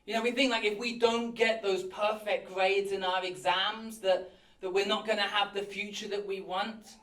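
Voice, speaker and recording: A man, a pastor, preaching a sermon in an earnest, animated way, acting out people's anxious thoughts in a church hall. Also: sits high, moderate pace. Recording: roomy hall from a distance.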